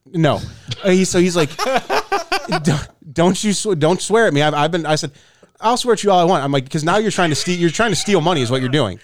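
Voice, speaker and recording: A man's voice: fairly high pitch, big pitch swings, fairly quick, noisy background. A man on a casual podcast, telling a story and acting out every side of the argument, swearing freely. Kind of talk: casual chat.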